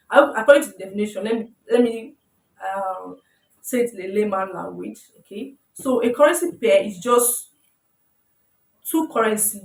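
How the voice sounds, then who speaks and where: A woman's voice: medium pitch, creaky, far from the mic. A woman teaching a casual tutorial. She often corrects herself mid-sentence and keeps checking in with "you understand?". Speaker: forex trading teacher. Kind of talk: informal tutorial explaining slides. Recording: roomy sound, voice away from the mic.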